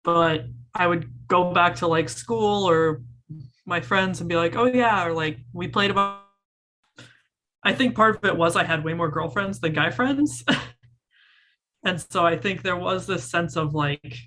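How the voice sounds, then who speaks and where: Young female panelist, bright voice, casual, talks in loose run-on phrases. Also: lowish voice, measured pace. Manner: casual, frequent "like". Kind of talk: panel discussion over video call.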